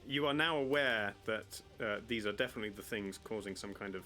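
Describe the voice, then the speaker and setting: A man narrating a tabletop role-playing game as dungeon master, relaxed and chuckling, with frequent hesitant fillers. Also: fairly low pitch, fairly quick. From United Kingdom. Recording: faint music behind. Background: faint music.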